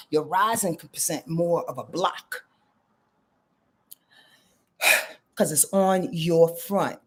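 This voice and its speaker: Husky-voiced woman giving astrology readings. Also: fairly low pitch. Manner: animated, slangy, swears freely, reads viewer comments aloud. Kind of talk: live-stream astrology reading.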